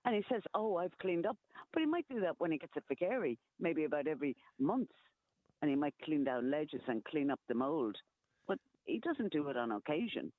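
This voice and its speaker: A woman's voice: low voice, big pitch swings, brisk, no room sound. Exasperated woman on a phone line. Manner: blunt, exasperated, swears. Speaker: caller. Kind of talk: phone-in chat.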